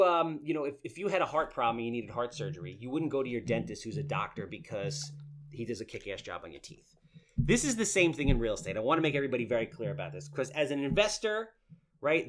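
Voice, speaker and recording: A man with a nasal voice, hosting a podcast in brash, joking chat. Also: mid-range voice. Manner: brash, joking salesman patter. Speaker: podcast host. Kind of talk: casual interview chat.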